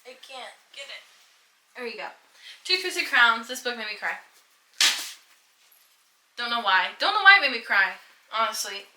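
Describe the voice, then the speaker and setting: A woman's voice: on the high side, very animated, moderate pace, pauses often, reverberant, heavy background noise. A young woman chatting casually on a book vlog, teasing her friend and prompting the questions. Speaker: book vlogger. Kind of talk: casual chat.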